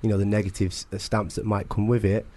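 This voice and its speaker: A man appearing as a guest on a show, talking in a relaxed, upbeat way. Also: on the low side, fast. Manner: relaxed, upbeat, uses fillers. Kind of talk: casual chat.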